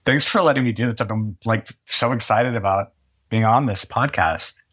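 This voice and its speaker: A man in his forties guesting on a podcast in casual chat, earnest and quick to laugh. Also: lowish voice, a bit bright, husky.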